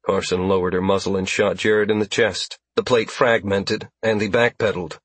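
A man narrating an action story as an audiobook reader, in steady, even storytelling. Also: low voice, normal speed, few pauses, breathy edge, dry recording. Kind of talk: scripted narration.

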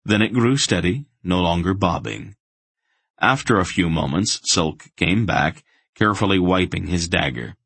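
A man narrating a fantasy audiobook in a steady, measured way. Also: low voice, vocal fry, husky, no room sound.

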